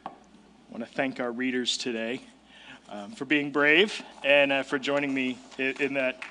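A man's voice: mid-range voice, steady tone, moderate pace, bright, forceful tone, slight background noise. A male pastor giving a sermon in a conversational, emphatic way with casual asides.

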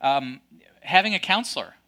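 A male pastor preaching a sermon in a lively, conversational way with joking asides. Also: fairly high pitch, moderate pace.

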